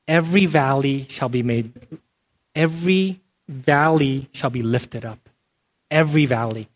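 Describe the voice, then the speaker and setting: A man preaching a sermon in a conversational way, often checking in with his listeners by asking "okay?". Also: medium pitch. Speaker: pastor. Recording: dull lo-fi sound.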